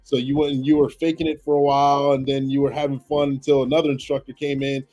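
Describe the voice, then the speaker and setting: A male podcast host who casually reads out viewer questions and gives viewers shout-outs. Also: medium pitch, flat delivery, fast, soft background music. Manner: laid-back, chuckling, shouts out viewers. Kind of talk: casual interview hosting, reading viewer questions.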